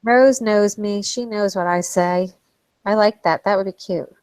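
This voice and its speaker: A woman's voice: mid-range voice, normal speed, darkish tone, smooth, no echo, poor audio. A woman with a New Jersey accent, co-hosting a crafting livestream and chatting in a friendly, easygoing way. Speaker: livestream co-host. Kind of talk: casual chat.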